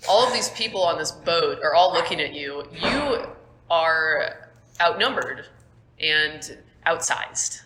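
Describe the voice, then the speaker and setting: A woman's voice: deep voice, animated, slow pace, a bit bright, slight background noise. A young woman running a tabletop game as game master, narrating casually with lots of fillers. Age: young adult. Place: school room. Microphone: phone on table. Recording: echoey room, phone mic.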